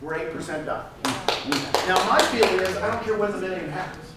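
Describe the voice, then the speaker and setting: The recording is very noisy: a distant mic in the echoey hall of a large conference room, where an older man gives an emphatic motivational talk to a live audience. He repeats phrases for effect, speaking a little fast in a voice that sits high.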